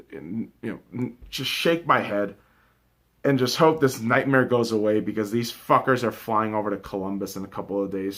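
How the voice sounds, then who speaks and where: A young man hosting his own hockey review, ranting with lots of swearing and swinging between shouted outbursts and low muttering. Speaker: sports video host. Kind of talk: angry solo hockey game review.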